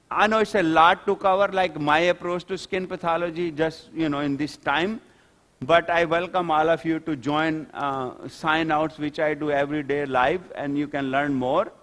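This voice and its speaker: A man giving a conference lecture on skin pathology, halting and explanatory with many fillers and restarts. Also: on the high side, a bit bright. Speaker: dermatopathology lecturer. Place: conference hall. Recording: reverberant conference hall.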